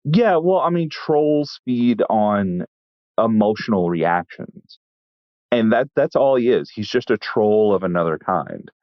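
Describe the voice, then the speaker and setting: A man from Texas, a chef telling stories in a casual interview with wry, deadpan humor and frequent restarts. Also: lowish voice, unhurried, no echo, muffled recording. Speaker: chef and guest.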